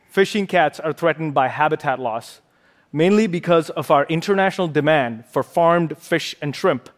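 Playful man giving a stage talk. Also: on the high side. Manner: playful, punning. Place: large auditorium stage.

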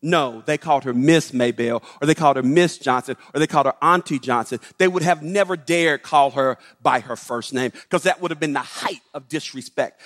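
A man giving a public talk, telling a story with emphatic, animated delivery. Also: fairly high pitch, brisk, hardly any pauses. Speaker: speaker. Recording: echoey hall.

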